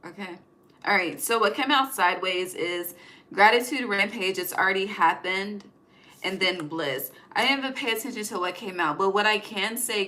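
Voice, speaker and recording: A woman's voice: mid-range voice, bright, forceful tone. A young woman giving a casual tarot reading, chatty and profane, often laughing and trailing off mid-thought. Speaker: tarot reader.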